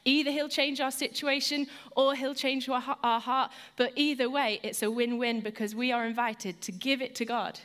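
A woman's voice: sits high, steady tone, moderate pace, hardly any pauses, a bit bright. A woman giving a Christian devotional talk, earnest, personal and conversational. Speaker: Christian speaker.

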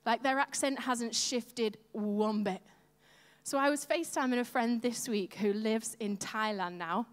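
Here the same kind of chatty, self-deprecating sermon comes from a woman church leader on a church stage, who also converses with the congregation. She speaks at a fairly high pitch and a little slowly, and the sound carries a long hall reverb.

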